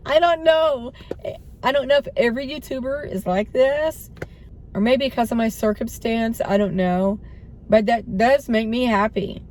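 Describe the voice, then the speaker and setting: A hoarse middle-aged woman vlogging in a rambling, self-doubting way, laughing between thoughts and often trailing off. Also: on the high side, moderate pace, a little mellow, a little hiss or hum. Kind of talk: rambling spiritual vlog chat.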